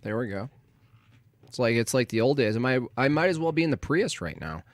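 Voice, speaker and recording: A man's voice: medium pitch, sing-song, a little fast, dry recording, studio quality. A Canadian man hosting a livestream, chatting casually and joking with his viewers while he fixes his stream setup. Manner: rambling, joking, talking to chat while fixing his stream. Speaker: livestream host.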